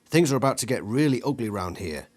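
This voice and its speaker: A man's voice: mid-range voice, big pitch swings, fast. A man reading a gamebook aloud and voicing a protective alien who speaks telepathically and gives urgent warnings.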